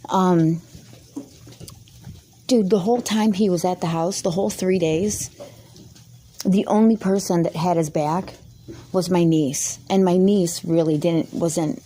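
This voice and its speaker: A woman's voice: on the low side, fairly even intonation, measured pace, pauses often, dark tone, a little hiss or hum. A woman vlogger telling an angry, rambling story to camera, swearing heavily and sounding indignant.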